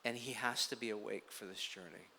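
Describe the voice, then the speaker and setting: A man's voice: fairly low pitch, fairly even intonation, brisk, creaky, bright, forceful tone, slightly rough. A man preaching a sermon, telling a story in a conversational way, recorded in a large hall. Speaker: pastor. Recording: long hall reverb.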